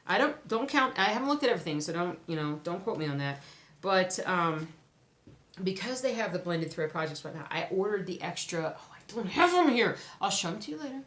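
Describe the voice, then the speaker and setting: A woman vlogging casually to camera about her cross-stitch projects, chatty and excitable, often exclaiming. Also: fairly low pitch, brisk. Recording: echoey room, faint background noise.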